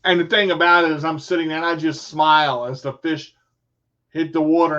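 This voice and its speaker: A man telling a casual, animated story in folksy phrasing, acting out what people said. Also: a little high, a little fast. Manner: animated storyteller, acts out quotes. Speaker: vlogger. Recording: dull lo-fi sound.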